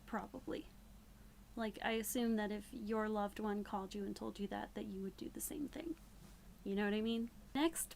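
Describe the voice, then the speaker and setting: Woman, young adult, sarcastic, rambling, tipsy, gravelly fry, mid pitch. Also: slight background noise. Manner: sarcastic, rambling recap with fillers. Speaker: book reviewer. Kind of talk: casual spoken book review.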